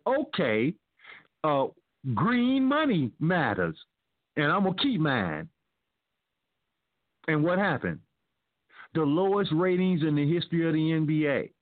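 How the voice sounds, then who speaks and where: A man hosting a talk show, reading news out and breaking in with preachy, sarcastic remarks to his listeners. His voice sits a little high and comes through dry and phone-thin. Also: no echo, narrow, tinny audio. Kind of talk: opinionated commentary reading news aloud.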